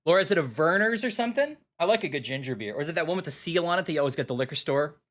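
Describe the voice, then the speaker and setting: A man's voice: fairly high pitch, animated, racing, fairly bright tone. A man co-hosting a livestream in casual comedic chat, riffing into silly bits. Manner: jokey, riffs into silly bits and voices. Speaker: livestream co-host.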